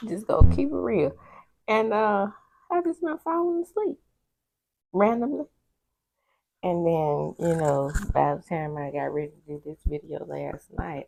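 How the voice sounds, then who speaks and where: A woman's voice: on the low side, a little slow, gravelly, pauses often, dark tone, slight background noise. A woman chatting candidly through a casual TV episode recap, with laughing asides and a sleepy air. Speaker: TV recap vlogger.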